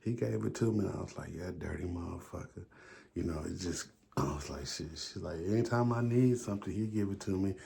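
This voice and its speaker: A man's voice: low-pitched, fairly quick, creaky, warm tone, slightly rough. A man telling a story in a loose, casual way, swearing freely and acting out the back-and-forth of conversations. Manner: loose, profane retelling full of quoted back-and-forth.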